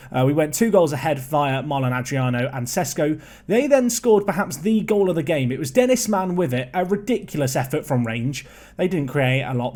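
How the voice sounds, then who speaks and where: A young man giving casual, chatty commentary on a football management game, excitable and prone to rambling asides. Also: a little high.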